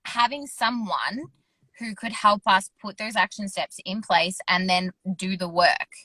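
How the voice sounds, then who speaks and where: A woman in her thirties speaks frankly and earnestly on a wellness podcast, swearing casually as she talks. Her voice is bright and forceful. The recording is dry, with no room echo. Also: mid-range voice, unhurried. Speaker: wellness coach and co-host.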